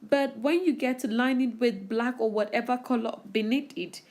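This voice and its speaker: A woman's voice: a little high, moderate pace, darkish tone. A woman narrating her makeup tutorial over the footage, walking viewers through each step with enthusiasm. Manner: instructive, enthusiastic. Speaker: beauty vlogger.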